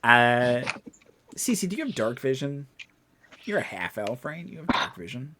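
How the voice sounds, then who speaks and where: A man running a tabletop game as dungeon master, playful and animated. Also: medium pitch, a little slow, noisy background.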